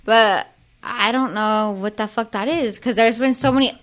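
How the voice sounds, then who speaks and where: A woman's voice: on the high side, moderate pace, fairly bright tone. A young woman guesting on a podcast, talking bluntly with lots of swearing and laughter. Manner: blunt, profane, laughs often. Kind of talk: casual chat.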